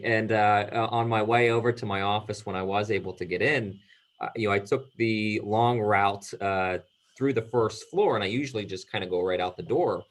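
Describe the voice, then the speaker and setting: A man's voice: fairly low pitch, fairly bright tone. A man interviewing a guest, talking casually and hesitantly with many fillers.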